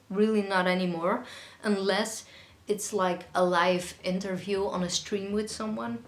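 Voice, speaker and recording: A young woman, a singer-songwriter, answering viewer questions in a casual, rambling way with lots of fillers. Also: medium pitch. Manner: chatty, rambling, with frequent fillers. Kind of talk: casual Q&A vlog. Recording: echoey room with faint music.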